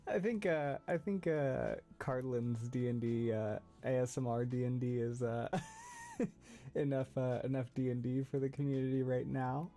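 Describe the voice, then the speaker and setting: A male streamer chats casually on his livestream, rambling, laughing often, and full of fillers and restarts, sitting close to the mic. His voice is medium-pitched and mellow with fairly even intonation at a normal speed, and faint music plays behind him.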